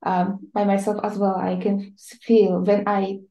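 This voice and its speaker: A woman speaking as an in a casual spiritual discussion, hesitant and full of uhs. Her voice is gravelly and mellow, with a flat, even pitch. She sounds like she is in an echoey room on a call. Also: a little slow. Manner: hesitant, with many uhs and non-native phrasing.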